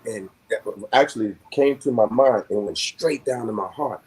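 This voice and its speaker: A man's voice: medium pitch, moderate pace, husky. An older man telling a long personal story in casual conversation, reflective and rambling with many fillers. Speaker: guest.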